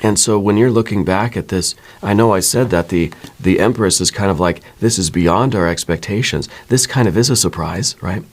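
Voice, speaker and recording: A man giving a soft-spoken ASMR tarot reading, reassuring and unhurried, often checking in with "right?". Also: on the low side. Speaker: tarot reader.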